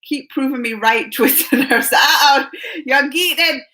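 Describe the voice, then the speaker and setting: A woman in her forties hosting a live stream, talking to her chat in an animated way and repeating herself as she calls chatters by name. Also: sits high, a little slow, low-quality recording. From United States. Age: 40s.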